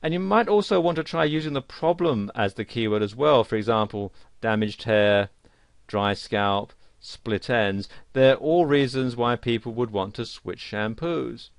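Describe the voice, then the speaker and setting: A man's voice: medium pitch, measured pace, creaky, no room sound. A man narrating an online course tutorial in a plain, explanatory way. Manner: plain explanatory delivery with fillers. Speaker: course instructor. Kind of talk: screen-recorded tutorial narration.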